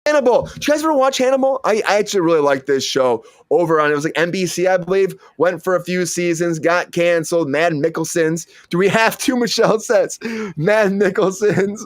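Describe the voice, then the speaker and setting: A man's voice: sits high, fairly quick, no room sound, studio quality. A man hosting a casual entertainment news chat, rambling and stammering with frequent restarts. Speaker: show host.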